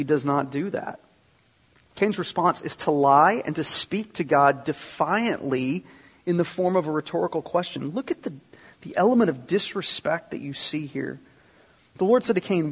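A man's voice: on the high side, slightly rough. A man preaching a sermon, teaching earnestly and speaking directly to the congregation. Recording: long reverb of a hall.

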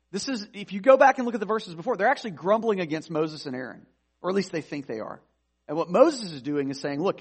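A man's voice: high voice, slightly rough. A man preaching a sermon to a congregation, talking directly to them and restarting his phrases as he thinks aloud. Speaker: pastor.

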